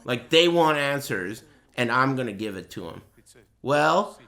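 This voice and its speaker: A man's voice: medium pitch, lively intonation, a little slow, vocal fry, pushed and bright. A man streaming, ranting and joking at length to his chat in a casual, profane, mocking way while watching a tournament. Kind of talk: casual livestream rant.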